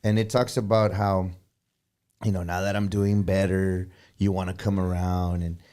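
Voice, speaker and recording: A man, a guest musician, telling stories in a relaxed chat and dropping Spanish phrases in as he goes. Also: sits low, moderate pace. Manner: animated, drops Spanish phrases. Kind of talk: casual storytelling chat.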